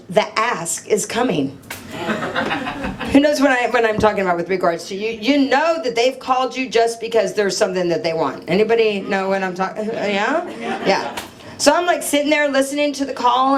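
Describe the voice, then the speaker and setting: A middle-aged woman giving a live motivational talk on stage, telling stories animatedly, acting out dialogue and putting questions to the audience. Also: a little high. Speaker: motivational speaker.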